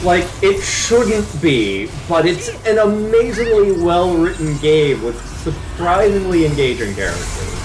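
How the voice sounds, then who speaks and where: A man co-hosting a gaming stream, chatting casually and jokily, now and then slipping into quick silly voices. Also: high voice. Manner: animated, jokey, slips into quick silly voices. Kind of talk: casual chat. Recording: game music playing behind.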